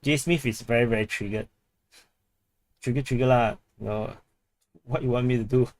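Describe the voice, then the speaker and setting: A man's voice: medium pitch, fairly even intonation, moderate pace, dry recording. Chatty Singaporean man streaming live. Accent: Singaporean English. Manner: chatty, repeats words, laughs often. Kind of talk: casual live stream chat reading comments.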